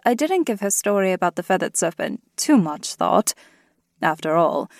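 A woman narrating a first-person fantasy audiobook in a measured, steady way. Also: medium pitch, dry recording, studio quality.

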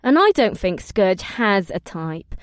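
A man voicing a teasing, purring horned young woman with red skin in an audiobook, his voice raised high and playful. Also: very animated, takes it slowly, dry recording, studio quality, exaggerated voice. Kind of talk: audiobook character voice.

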